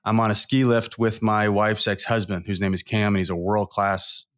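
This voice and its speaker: A man's voice: on the low side, level tone, moderate pace. A man in his forties, a guest coach on an interview show, telling personal stories in an earnest, emotional, rambling way. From Southern California. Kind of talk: candid interview storytelling.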